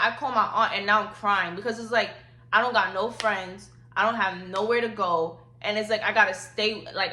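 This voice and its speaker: A woman's voice: mid-range voice, pushed and bright. An 18-year-old woman telling a personal story for her vlog in slangy, emphatic talk, often repeating her points, recorded on a phone. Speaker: vlogger. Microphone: phone camera. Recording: roomy echo.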